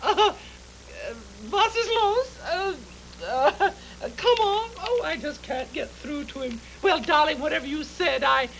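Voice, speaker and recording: A man's voice: unhurried, creaky, fairly bright tone, a little hiss or hum, heavily acted, poor audio. A man voicing a grand, theatrical lady octopus in a 1970s TV puppet show, gushing and tearfully effusive. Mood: fussing. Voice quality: high fluttery gushing voice.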